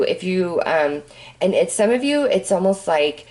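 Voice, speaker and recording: A woman's voice: fairly low pitch, animated, unhurried, darkish tone. Chatty woman reading tarot cards. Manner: chatty, rambling, full of fillers. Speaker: tarot reader. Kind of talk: casual tarot reading monologue.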